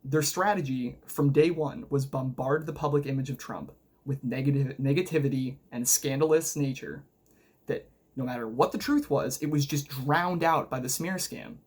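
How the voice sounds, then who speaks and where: A man's voice: medium pitch, moderate pace, darkish tone, slightly rough. A man narrating a sarcastic political video essay, combative and mocking, full of rhetorical questions. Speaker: political commentary video host.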